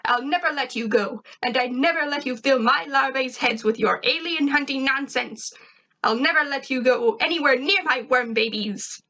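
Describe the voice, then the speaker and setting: A woman's voice: sits high, moderate pace, sharp tone, voice pushed up, heavily acted. Woman doing a shrieking alien invader. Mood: furious. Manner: screams and snaps in anger. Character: shrieking male alien invader, bossy and short-tempered.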